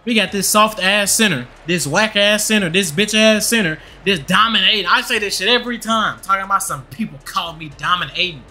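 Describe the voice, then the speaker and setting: A man's voice: high-pitched, brisk, hardly any pauses, bright, forceful tone, slight background noise. A young man giving angry, profane gameplay commentary, ranting at the game and the referees. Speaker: gaming channel host.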